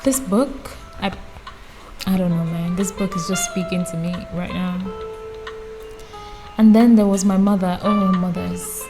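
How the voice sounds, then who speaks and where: A woman's voice: lowish voice, measured pace, long pauses, over music, rough recording. Woman reading aloud with chatty asides. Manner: reads calmly, breaks off for amused personal comments. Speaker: audiobook reader.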